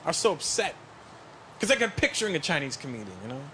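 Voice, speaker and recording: A man doing a stand-up routine on stage, talking straight to the crowd in an animated, confiding way. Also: a little high, fast talker. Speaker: stand-up comedian. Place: stage in front of a live audience. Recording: noisy played-back stand-up clip.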